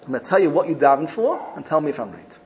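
Man doing wise old rabbi, measured, knowing, mildly high. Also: sing-song, slight background noise.

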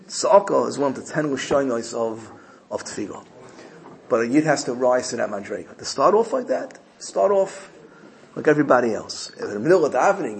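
A man giving an animated Torah sermon, telling stories and using Hebrew and Yiddish terms. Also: medium pitch, creaky. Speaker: rabbi teaching Torah. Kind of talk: sermon with storytelling.

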